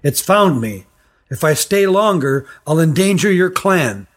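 A man's voice: fairly high pitch, lively intonation, unhurried. A man voicing Jeelan, a frightened urgent youth. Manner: urgent, hushed. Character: frightened, urgent older boy on the run. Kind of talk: storybook reading.

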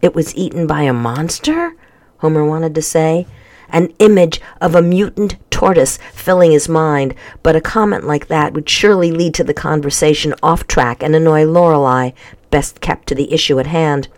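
An audiobook narrator reading a children's novel in an even, measured way. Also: mid-range voice. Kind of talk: scripted narration.

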